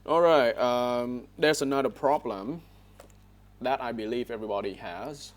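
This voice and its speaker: A man's voice: mid-range voice, unhurried. A man teaching an online English speaking class over a headset, correcting words and checking in with frequent "all right?" prompts. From Vietnam.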